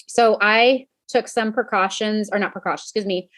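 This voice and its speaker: A woman of middle pitch hosts a podcast and tells her own story in a loose, conversational way. She talks straight to her audience and keeps correcting herself as she goes. The recording is dry and close, with no room sound. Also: steady tone, moderate pace, a bit bright, dry recording. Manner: chatty, talks straight to listeners as "you guys"; many "um" fillers and self-corrections. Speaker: podcast host and coach. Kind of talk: casual personal storytelling podcast.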